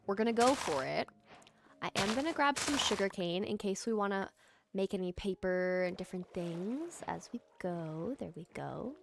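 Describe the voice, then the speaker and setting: A woman giving relaxed, soft-spoken commentary while playing a building game, at times squealing with excitement. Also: medium pitch. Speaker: gaming commentator.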